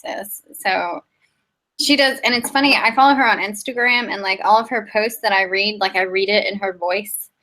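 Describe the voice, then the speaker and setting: Easygoing Mississippi-raised woman hosting a chat, bright and tense-edged tone. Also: mid-range voice, normal speed, low-quality recording. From Mississippi, US South. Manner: easygoing, musing, filler-heavy. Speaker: host. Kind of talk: casual live-stream chat.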